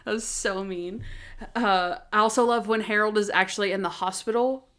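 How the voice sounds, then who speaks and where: A woman co-hosting a podcast in casual chat, retelling scenes in an animated, giggly way. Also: mid-range voice, normal speed. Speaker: podcast co-host.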